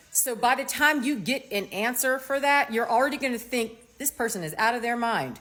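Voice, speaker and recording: This American commentator, a woman, delivers a laid-back opinion piece full of mockery, energy, and slang-filled asides. Her voice sits a bit high, moving at normal speed with few pauses.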